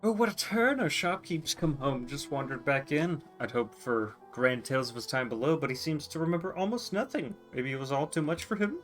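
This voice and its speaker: A man's voice: a little high, animated, a little fast, hardly any pauses, fairly bright tone, soft background music, pitched above the performer's own voice. A man reading out the lines of a chatty old male bug villager from a game, in a lightly raised voice. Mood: gossipy. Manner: reading on-screen game dialogue aloud.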